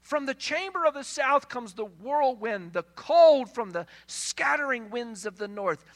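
A man preaching a sermon, emphatic, swinging between hushed passages and loud, stressed lines. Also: very high-pitched, expressive, measured pace. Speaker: pastor.

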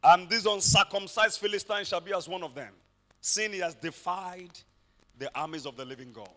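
High, bright-voiced male preacher. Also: normal speed. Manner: dramatic storytelling, shouting peaks. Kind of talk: sermon.

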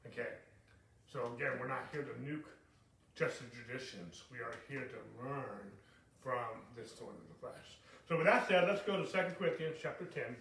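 A man's voice: medium pitch, normal speed, fairly bright tone, echoey room, distant mic, a little hiss or hum, poor audio. A man preaching a sermon, emphatic and repeating himself, often checking in with the listeners.

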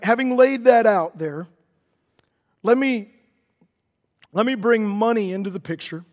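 Man, sermon, high voice, earnest, repeats himself, emphatic. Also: darkish tone, big-room sound. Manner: earnest, repeats words, builds to emphatic declarations. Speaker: preacher.

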